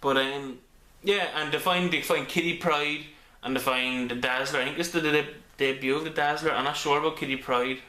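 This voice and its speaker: A man's voice: on the high side, steady tone, normal speed, sharp tone. Man rambling about comics in an echoey room. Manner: rambling with many ums and restarts. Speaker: comic book reviewer. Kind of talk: casual video review. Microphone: camera mic.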